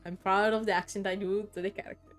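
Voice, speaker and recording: A woman streamer giving casual, excitable commentary while playing through a game, laughing often and swearing freely. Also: mid-range voice, quick pace, faint music behind.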